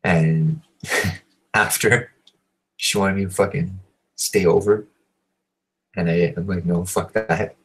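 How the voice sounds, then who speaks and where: A man telling a crude, rambling story, swearing constantly and filling every pause. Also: sits low, fairly even intonation, slight background noise, rough recording. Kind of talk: profane storytelling monologue.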